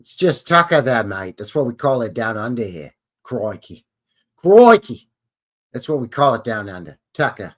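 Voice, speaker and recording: A man's voice: mid-range voice, expressive, fairly quick, few pauses, fairly bright tone. A man putting on an Australian accent to play a laid-back, slangy Australian bloke. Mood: jokey. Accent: put-on Australian. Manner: drawling, slangy.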